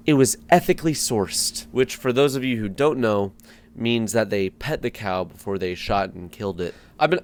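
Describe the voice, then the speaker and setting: A young man doing stand-up, deadpan with sudden loud outbursts and repeated word stumbles. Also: on the low side. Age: young adult. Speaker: comedian and street interviewer. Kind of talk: stand-up comedy.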